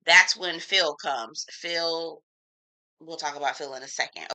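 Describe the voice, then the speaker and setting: Bright, frank woman recapping a show. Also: sits low, measured pace, poor audio. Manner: animated, opinionated, frank, slangy. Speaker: TV reviewer. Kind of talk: casual TV episode recap.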